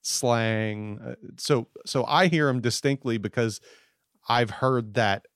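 A man's voice: mid-range voice, slow pace, fairly bright tone, smooth, no room sound, studio quality. A man talking casually as a podcast guest, rambling with many fillers and restarts. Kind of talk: casual chat.

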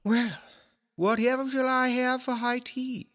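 A man's voice: very high voice, level tone, a little slow, a bit bright, a little hiss or hum. A man playing a vain, pompous British spy chief in a comedy sketch. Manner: pompous, theatrical, posh upper-class.

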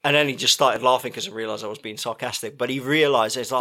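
A man's voice: medium pitch, steady tone, fast talker, few pauses, bright, forceful tone. A man, chatting casually as a podcast co-host, joking and swearing. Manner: swearing, joking, acts out his son's voice. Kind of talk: casual chat.

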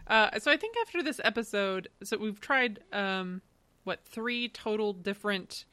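A woman co-hosting a relaxed drinks podcast, chatting loosely with many fillers and laughs. Her voice is very bright, and the recording is dry and close. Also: medium pitch, unhurried, no echo. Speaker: podcast co-host. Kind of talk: casual chat.

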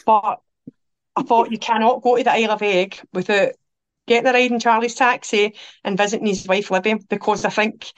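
Scottish woman guest spinning animated anecdotes; middle pitch, dry close-mic sound. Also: fairly quick, no echo. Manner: animated, quotes people, laughs through her stories. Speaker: podcast guest. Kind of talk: anecdotal storytelling chat.

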